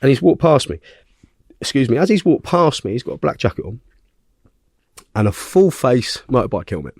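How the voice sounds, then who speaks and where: Casting note: a male podcast guest, mid-pitched and recorded dry and close, telling a story bluntly with constant swearing. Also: big pitch swings, normal speed, a little mellow, slightly rough, no room sound.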